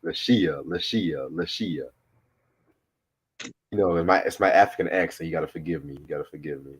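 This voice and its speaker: Deep husky laid-back man. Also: very fast. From family from Sierra Leone. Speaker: channel host. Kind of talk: casual music review chat.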